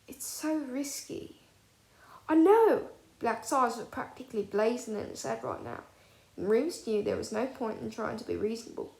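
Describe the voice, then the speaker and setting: A woman reading a fan audiobook aloud with expressive storytelling. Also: on the high side, a little fast, creaky. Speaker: audiobook reader.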